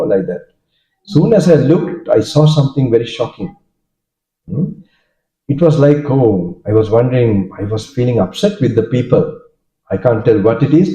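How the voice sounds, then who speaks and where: Monk recounting stories in an echoey hall. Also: male voice, mid-range voice, dark tone. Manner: halting, storytelling, many fillers and restarts. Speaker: Buddhist monk giving a talk. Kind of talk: informal dharma talk. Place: hall with audience. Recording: dull echoey hall recording.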